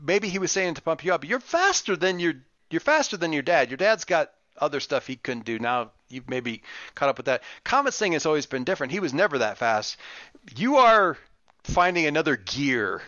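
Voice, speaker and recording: Game master, male, rambling and full of restarts; bright tone, dry, lo-fi online call audio. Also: on the high side, sing-song, moderate pace, no echo. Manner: rambling, many fillers and restarts. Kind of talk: narrating a tabletop game. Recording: muffled lo-fi voice chat.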